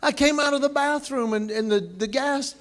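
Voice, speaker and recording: A man's voice: very high voice, moderate pace, fairly bright tone. A man giving a humorous speech at a banquet, telling stories and acting out the quotes. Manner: storytelling with acted quotes. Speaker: banquet speaker. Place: banquet hall, indoors.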